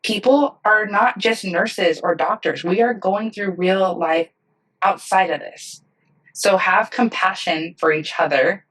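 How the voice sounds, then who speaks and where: A woman's voice: mid-range voice, unhurried, fairly bright tone, slightly rough, far from the mic, rough recording. A woman in her thirties, a nursing director, talking candidly in a podcast interview and acting out the people she quotes. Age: 30s. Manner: earnest, candid storytelling that acts out voices.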